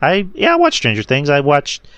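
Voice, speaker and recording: A man's voice: fairly high pitch, huge pitch swings, normal speed, fairly bright tone, no echo. A young man hosting a podcast in casual chat, rambling with lots of fillers and restarts. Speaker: podcast host.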